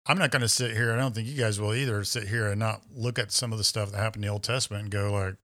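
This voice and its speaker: A man's voice: fairly low pitch, fast. A man on a podcast telling a story in casual chat, acting out the voices of the people in it. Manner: animated storyteller, acts out quoted voices.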